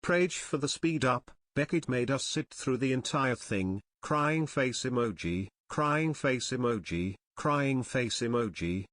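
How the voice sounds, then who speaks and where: A man putting on a slow, deadpan, deep voice to read out chat messages on his stream. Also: no room sound. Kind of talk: mock voice reading chat aloud.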